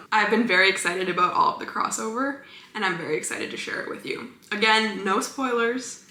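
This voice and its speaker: Bright gushy book vlogger lady, chatty, kinda echoey room. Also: medium pitch, animated. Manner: gushing, chatty, fast enthusiastic asides. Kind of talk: casual book review chat.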